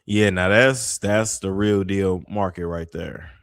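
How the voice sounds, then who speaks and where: A man streaming casual commentary on travel clips, animated and chatty. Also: deep voice, takes it slowly, smooth, dry recording. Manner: animated, drops to near whispers when imitating soft speech.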